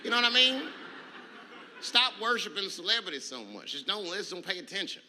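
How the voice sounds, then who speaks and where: A man tells his stand-up stories in a raised voice that leaps all over the scale. He talks loose and profane, then bursts into shouts. The live stage recording is thick with noise. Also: high-pitched, sing-song, fairly quick. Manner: loose, profane, conversational delivery with sudden shouted outbursts. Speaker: stand-up comedian. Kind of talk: stand-up comedy storytelling. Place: comedy stage with audience laughing.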